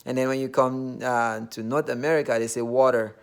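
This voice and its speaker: Gravelly-voiced Nigerian man. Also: medium pitch, steady tone, brisk. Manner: earnest, loosely phrased with many fillers. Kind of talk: casual reflective monologue.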